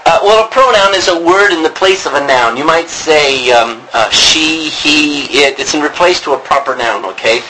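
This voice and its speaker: A man's voice: on the high side, moderate pace, hardly any pauses, noisy background. A man teaching a class on biblical Greek, rambling with many ums and restarts. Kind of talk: classroom lecture.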